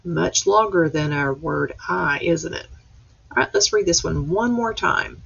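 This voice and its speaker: A woman teacher leading a reading lesson for young children, patient and reading slowly word by word. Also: on the low side, vocal fry, husky, muffled recording.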